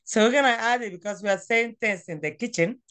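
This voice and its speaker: A woman teaching a language class over a phone, patient and coaxing, repeating words slowly. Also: fairly high pitch, a bit bright, clear, resonant tone.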